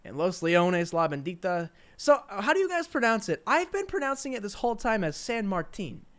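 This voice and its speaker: A man with a high, very animated, slightly bright voice and a New York accent talks a little fast. He hosts and casts an online game tournament on a live stream, chatting loosely and rambling in asides to viewers between plays.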